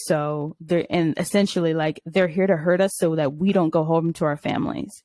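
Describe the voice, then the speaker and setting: A woman's voice: low voice, fairly even intonation, moderate pace, hardly any pauses, a little mellow. A young woman co-hosting a casual podcast, telling candid stories and laughing often. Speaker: podcast co-host. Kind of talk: casual chat.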